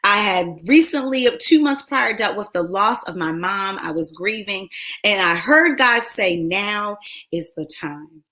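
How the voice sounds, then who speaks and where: A woman's voice: medium pitch, animated, unhurried, pushed and bright. A woman in her thirties, a radio show host, telling her own faith story in an earnest, heartfelt way and often checking in with "right?". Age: 30s. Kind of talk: personal faith testimony.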